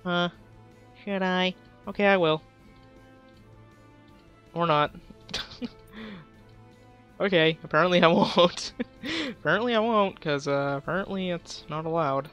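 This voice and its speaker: Young guy streaming a game, slow and drawly, cracks himself up with dumb trash talk. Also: a little high, steady tone, a bit bright, smooth, faint music behind. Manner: goofy, self-amused trash talk. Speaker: gaming livestreamer. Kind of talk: casual gameplay commentary.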